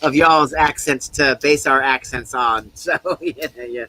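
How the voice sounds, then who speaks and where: A man hosting a livestream, chatting casually in a relaxed way and chuckling as he talks. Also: medium pitch, unhurried, rough recording. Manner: relaxed, chuckles while talking. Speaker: livestream host. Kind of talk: casual chat.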